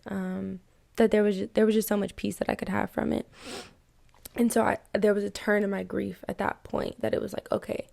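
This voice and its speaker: Young woman, podcast host; gravelly, flat-toned, earnest personal testimony, dry close sound. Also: mid-range voice, no echo. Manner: earnest, reflective, emotional at times. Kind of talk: personal testimony, casual and heartfelt.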